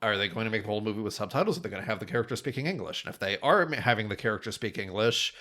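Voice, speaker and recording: A man's voice: fairly low pitch, lively intonation, rapid-fire, pushed and bright. A man co-hosting a film podcast, talking casually and rambling with many fillers and restarts. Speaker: podcast co-host.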